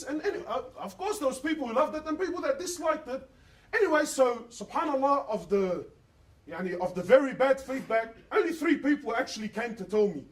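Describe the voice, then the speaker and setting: A man's voice: extremely high pitch, animated, fairly quick, echoey room, distant mic. A man, preaching an emotional sermon and asking his listeners rhetorical questions. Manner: impassioned, quotes others in dialogue, asks rhetorical questions. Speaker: Islamic preacher.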